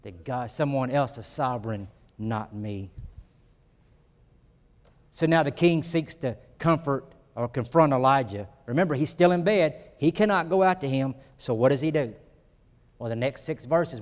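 A man's voice: medium pitch, animated, normal speed, darkish tone. Preacher man in a reverberant hall. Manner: earnest preaching, rises when acting out quotes. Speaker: pastor. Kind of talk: sermon.

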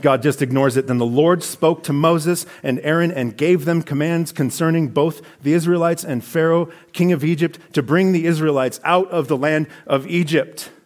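A man's voice: on the high side, moderate pace, hardly any pauses, a little mellow. A man giving a sermon, reading scripture passages aloud and commenting on them in a conversational preaching tone. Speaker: pastor.

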